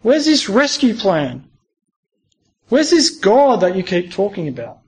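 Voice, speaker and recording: A man's voice: high voice, huge pitch swings, measured pace, heavily acted. A man voicing mocking townspeople who taunt their neighbour. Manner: taunting and sneering. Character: jeering townsfolk, mocking adult men.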